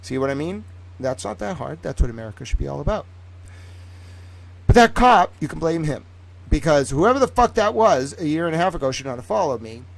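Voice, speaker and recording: A man's voice: a little high, very animated, a little fast, creaky, low-quality recording. A man streaming a profane, sarcastic monologue, swearing freely and acting out imagined conversations in different voices. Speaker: independent streamer and commentator.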